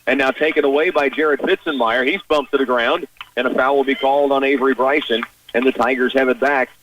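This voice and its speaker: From the broadcast position in a high school gym, a play-by-play announcer calls a basketball game for radio in rapid, clipped phrases that rise at big shots. His middle-register voice is fairly even and a bit bright, set back from the mic. The broadcast audio has its highs cut off plus a little hiss or hum.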